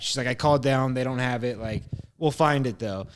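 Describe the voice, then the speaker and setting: On a laid-back podcast, a young co-host tells a lengthy, profanity-filled story with lively storytelling, voicing the dialogue himself. He speaks briskly at medium pitch, with a little hiss or hum in the audio.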